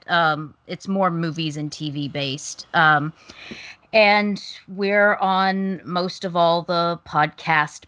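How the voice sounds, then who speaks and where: Young woman podcast guest, bright and forward tone, relaxed and chatty. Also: lowish voice. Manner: relaxed, chatty, with soft fillers. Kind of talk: casual podcast chat.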